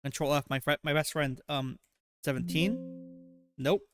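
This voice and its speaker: Streamer guy, rambling crude commentary, fairly high voice, dead-dry mic. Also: moderate pace, a bit bright, dry recording. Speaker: livestream host. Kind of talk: casual livestream commentary.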